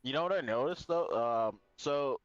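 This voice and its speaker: A man co-hosting a podcast in loose, casual chat, rambling along and filling his sentences with "like". His pitch is a little high and moves in a lively way. The sound is somewhat dull and lo-fi. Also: moderate pace, no echo. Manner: rambling, full of "like" and laughs. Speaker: podcast co-host.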